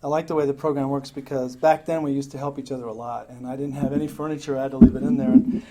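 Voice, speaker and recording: A man's voice: mid-range voice, steady tone, quick pace, a loud crowd, rough recording. A man telling his story at a recovery meeting in a rambling, joking, profane way. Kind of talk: casual storytelling talk. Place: meeting room with a crowd. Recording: live meeting talk with audience laughter.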